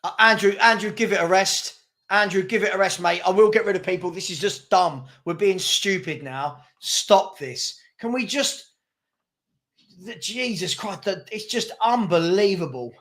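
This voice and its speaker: A man's voice: high-pitched, normal speed, a bit bright. A young man hosting a live football watchalong, calling the play and ranting at his chat. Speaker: watchalong host. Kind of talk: live match commentary and chat.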